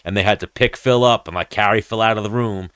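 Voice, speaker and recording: Low-voiced man telling a rambling story. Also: fast talker, a bit bright, smooth, no echo, studio quality. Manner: rambling, profane, acts out quoted voices. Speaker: podcast host. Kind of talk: casual storytelling chat.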